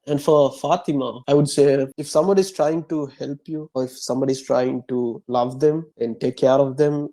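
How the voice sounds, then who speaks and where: A young man from Sri Lanka, an author answering interview questions casually, soft-spoken and halting. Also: a little high, poor audio. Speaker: author guest.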